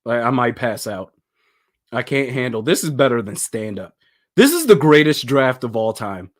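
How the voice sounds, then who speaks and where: A man's voice: mid-range voice, sing-song, normal speed. A man hosting a casual livestream, reacting with incredulous exclamations and bursts of laughter. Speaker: livestream host.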